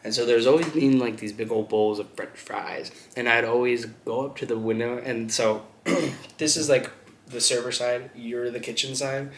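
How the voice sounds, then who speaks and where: A man's voice: medium pitch, steady tone, normal speed, a little hiss or hum. A man vlogging while he eats, telling a rambling story with lots of laughter and swearing. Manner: laughs often, swears freely, rambling retelling. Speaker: mukbang vlogger. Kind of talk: casual storytelling while eating. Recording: echoey room.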